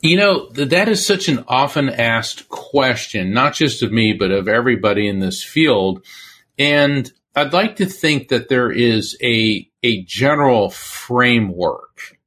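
A man's voice: mid-range voice, a little slow, slightly rough. A middle-aged man, a medium and former attorney, telling stories as an interview guest and acting out the voices of the people he quotes. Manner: animated storyteller who acts out quoted voices. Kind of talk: conversational interview storytelling.

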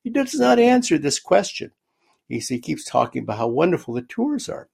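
A man, a guest author in an interview, recounting a personal story in a halting way, often repeating words as he goes. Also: fairly high pitch, sing-song, creaky, darkish tone, breathy edge.

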